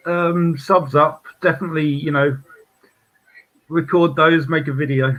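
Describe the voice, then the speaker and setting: Man, London accent, stream guest, calm, matter-of-fact, slightly high voice. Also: unhurried, poor audio. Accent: London English. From London, England. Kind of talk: casual chat.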